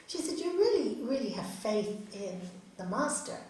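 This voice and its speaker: A woman's voice: on the high side, moderate pace. Earnest woman teaching in an echoey hall. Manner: earnest, expressive, acts out quotes. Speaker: raja yoga teacher. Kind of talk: spiritual talk to an audience. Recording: echoey hall, distant mic, faint noise.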